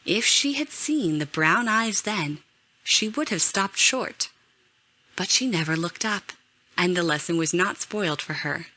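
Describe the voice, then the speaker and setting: A woman narrating a classic novel in a measured, expressive way. Her voice is bright and a touch low. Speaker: audiobook narrator. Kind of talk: scripted narration.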